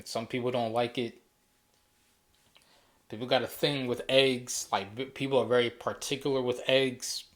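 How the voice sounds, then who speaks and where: A man hosting a casual solo talk show, rambling easily with frequent restarts and fillers. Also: medium pitch. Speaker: podcast host.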